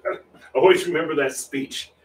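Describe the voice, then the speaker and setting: A man's voice: fairly high pitch, steady tone, moderate pace, recorded from a distance. Rambling, chuckling man, a little off-mic in a roomy space. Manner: rambling and chuckling, with many restarts. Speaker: livestream painting host. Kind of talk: casual chat while painting. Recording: roomy echo, voice a little off-mic, faint room noise.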